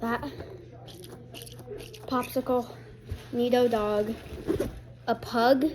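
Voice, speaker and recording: A woman's voice: a little high, steady tone, extremely slow, background noise. A young woman showing her things in a casual home vlog, chatting with lots of fillers. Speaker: vlogger. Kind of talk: casual show-and-tell vlog. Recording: TV chatter in the background. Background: TV playing in the background.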